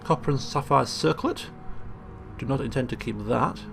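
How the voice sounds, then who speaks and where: Gravelly gamer narrating gameplay. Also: male voice, medium pitch, normal speed. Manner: chatty, joking asides. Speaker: let's play host. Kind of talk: casual gameplay commentary. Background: game music.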